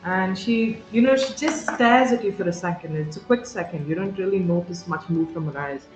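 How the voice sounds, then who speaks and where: A game master narrating a tabletop game with vivid, halting description, full of fillers and restarts. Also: medium pitch. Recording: roomy, dull sound, faint music.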